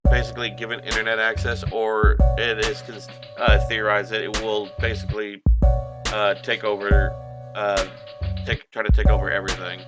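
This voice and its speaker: A man co-hosting a casual group podcast, explaining things haltingly with many restarts. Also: fairly low pitch, flat delivery, loud music behind the voice. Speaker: podcast co-host.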